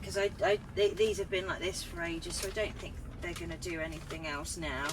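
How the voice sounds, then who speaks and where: A woman's voice: lowish voice, fairly even intonation, fairly quick, noisy background. A woman chatting casually while gardening and squealing with delight at each find, filmed on a GoPro outdoors. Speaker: gardening vlogger. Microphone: GoPro camera.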